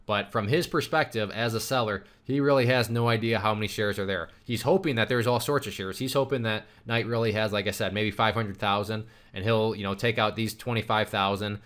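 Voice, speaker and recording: Low-voiced man explaining trading charts. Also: fairly bright tone. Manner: conversational, rhetorical questions, frequent restarts. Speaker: trading instructor. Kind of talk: screen-recorded lesson.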